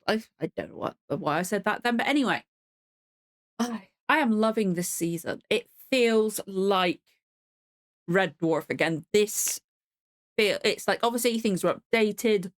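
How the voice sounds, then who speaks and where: A woman's voice: mid-range voice, lively intonation, a little slow, long pauses. A woman hosting a reaction video, talking casually to camera in a rambling way, full of asides and swearing, sore and cold as she speaks. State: in pain and cold. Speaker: reaction channel host.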